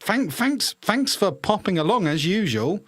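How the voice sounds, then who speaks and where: Lively man hosting a podcast. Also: high-pitched, a little slow, dry recording. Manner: rambling, self-interrupting, laughs easily. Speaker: podcast co-host. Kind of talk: casual live podcast chat.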